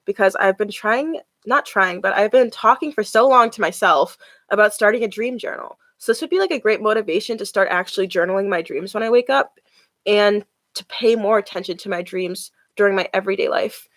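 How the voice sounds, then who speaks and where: A woman talking casually on a live stream while she reads tarot cards. She is chatty and loose, with "like" dropped all through her speech. Her voice is mid-pitched and sounds dry and close, with no room echo. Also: a little fast, a bit bright. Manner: chatty, with many "like" fillers.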